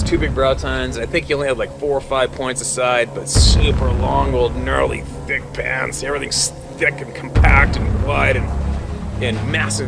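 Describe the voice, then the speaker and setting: A man, a hunting guide, telling a wild story in a casual, animated way and swearing freely. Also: mid-range voice, vocal fry, noisy background. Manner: swearing, animated storyteller who swings between hushed and loud.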